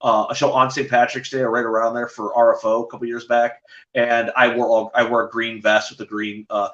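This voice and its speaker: A ring announcer spins casual stories as a guest. His voice sits in an ordinary male range and comes through a muffled, lo-fi remote line. The room around him rings with a roomy echo. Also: fairly quick. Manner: animated anecdotes, jumps to a higher pitch when quoting people. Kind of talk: casual storytelling interview. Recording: echoey, dull lo-fi remote audio.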